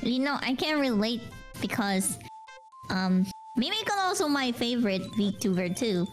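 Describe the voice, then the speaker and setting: A woman chatting casually as a guest on a game stream, unhurried and hesitant. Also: fairly high pitch, very animated, faint music behind. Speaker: collab guest.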